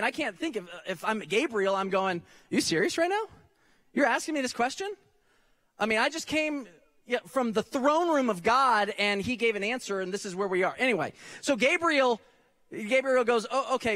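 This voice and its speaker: A man preaching a sermon as pastor, telling the story conversationally and speaking directly to the congregation. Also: high voice. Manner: animated storytelling with frequent restarts.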